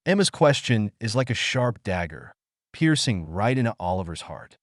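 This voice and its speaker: A man narrates a melodramatic audio story in a scripted, dramatic manner. His pitch moves in a lively way. The recording is dry and close. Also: moderate pace, no room sound.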